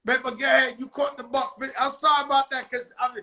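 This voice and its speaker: A man with a very high, bright and forceful voice, hosting a casual chat. He talks excitedly in loose street slang and swears freely. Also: fairly quick, gravelly, poor audio. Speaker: host.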